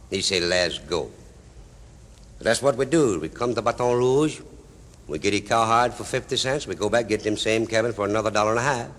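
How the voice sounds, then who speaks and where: A man with a Cajun accent tells comic stories in a folksy, broken-English drawl, his voice sitting on the low side. The sound carries the long reverb of a large hall in a vintage live recording. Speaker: storyteller. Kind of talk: live comedy storytelling.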